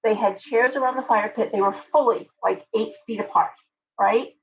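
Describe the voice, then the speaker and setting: A woman's voice: on the high side, normal speed, dull audio. A woman hosting a live stream, answering chat viewers by name in an opinionated, ranting way. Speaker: livestream host.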